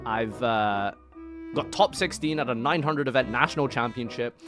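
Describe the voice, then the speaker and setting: A man's voice: mid-range voice, moderate pace, fairly bright tone, faint music behind. A man with a Scottish accent reacting to criticism of himself in casual commentary, sarcastic and exasperated, swinging into mock outrage. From Scotland.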